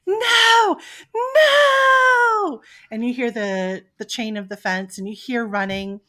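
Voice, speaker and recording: A woman's voice: medium pitch, steady tone, normal speed. A woman narrating a tabletop game as game master, telling the scene like a story and voicing the sound effects herself.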